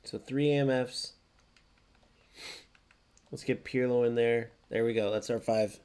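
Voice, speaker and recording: A young man streaming a football video game, reacting loudly to plays, swearing often and answering viewers in chat. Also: mid-range voice, steady tone, a little slow, smooth. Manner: chats with live viewers by name. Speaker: gaming streamer. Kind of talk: live gameplay commentary.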